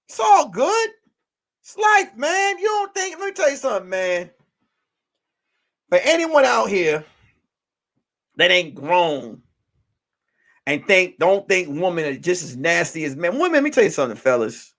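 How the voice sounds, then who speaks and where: A man hosting as a comedian, ranting in a casual, profane, animated way and circling back to repeat his points. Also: sits high, measured pace, long pauses. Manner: animated, profane, repetitive storytelling. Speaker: comedian host. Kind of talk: casual live-stream rant.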